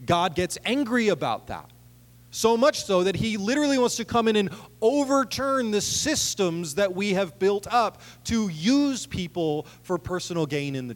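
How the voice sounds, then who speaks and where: A man preaching a sermon in a conversational way, acting out quotes with humor. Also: high voice. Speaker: pastor. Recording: long hall reverb.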